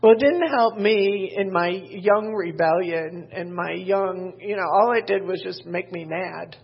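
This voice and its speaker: An older woman preaches from the pulpit in a gravelly, husky voice. She drifts into candid stories and pokes fun at herself as she goes. The sermon recording sounds dull and lo-fi. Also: fairly low pitch, measured pace. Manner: candid, rambling, self-deprecating asides. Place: church pulpit.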